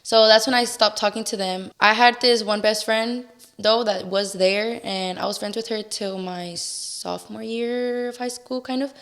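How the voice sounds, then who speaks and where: A woman's voice: medium pitch, fairly even intonation, normal speed, fairly bright tone. A young adult woman, a podcast guest, telling a personal story in a chatty way with many "like" fillers, acting out what people said. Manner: chatty, lots of "like" fillers, acts out quoted lines. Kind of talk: casual storytelling interview.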